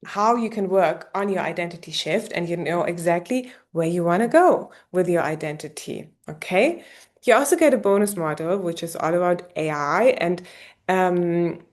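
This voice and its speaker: German-accented woman pitching her coaching. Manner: warm and encouraging, tags lines with "yeah?". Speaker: business coach. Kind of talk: masterclass sales pitch.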